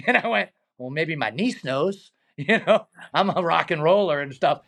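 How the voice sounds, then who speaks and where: Guy, middle-aged, kinda high and gravelly, laughing through stunt stories and doing everyone's voices. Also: normal speed. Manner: animated anecdotes, acts out quoted voices, laughs often. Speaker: stunt man and high diver, guest. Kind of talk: casual storytelling interview.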